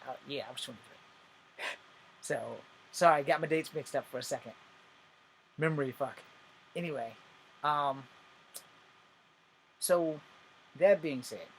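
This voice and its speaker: A man's voice: medium pitch, a little hiss or hum. Profane rambling man in his forties. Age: 40s. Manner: profane, rambling, self-correcting. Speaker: storyteller. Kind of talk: casual storytelling.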